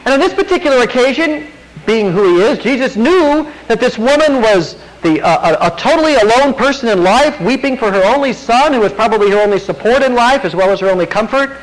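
Animated preacher, high lively voice. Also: male voice, brisk, low-quality recording. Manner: animated, acts out quotes, asks the congregation questions. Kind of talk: sermon.

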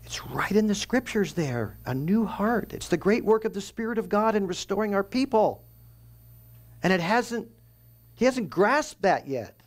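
A man's voice: high voice, very animated, measured pace. A man preaching a verse-by-verse sermon, explaining scripture in a conversational teaching tone and asking and answering his own questions. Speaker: pastor. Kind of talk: expository sermon.

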